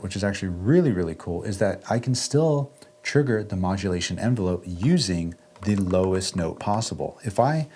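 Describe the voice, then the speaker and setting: A man hosting a casual music gear walkthrough, relaxed and chatty, often checking in with "right?". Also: low-pitched. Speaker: music gear video host. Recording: faint synth music underneath.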